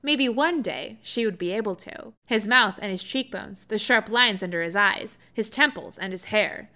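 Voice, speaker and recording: A woman reading romantic fiction aloud in a soft, expressive storytelling voice, often laughing and breaking in with excited comments. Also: mid-range voice, normal speed. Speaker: reader.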